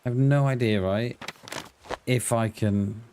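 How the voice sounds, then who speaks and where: A man's voice: medium pitch, measured pace, warm tone, slight background noise. A man casually chatting to viewers as he plays a survival game, greeting them by name and thinking aloud. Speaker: streamer playing a survival game. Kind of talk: casual live-stream chat.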